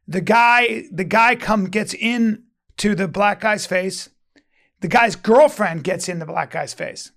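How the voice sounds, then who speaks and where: A man's voice: high-pitched, unhurried, vocal fry, a bit bright. A man chatting casually, telling a rambling, profane story with lots of restarts. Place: Venice, Los Angeles resident.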